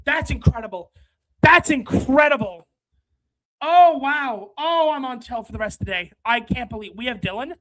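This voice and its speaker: A livestream host ranting through casual hockey chat, exasperated, apologizing to viewers, then breaking into shouting. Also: mid-range voice, low-quality recording. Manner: quick, run-on talk with apologies to viewers.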